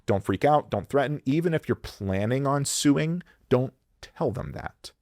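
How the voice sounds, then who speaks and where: Speaking at a measured pace, an employment lawyer guest offers candid advice in a podcast interview, blunt, animated, and freely profane as he acts out quoted voices. His voice sits at a middle pitch, captured dry and close on a studio mic without echo.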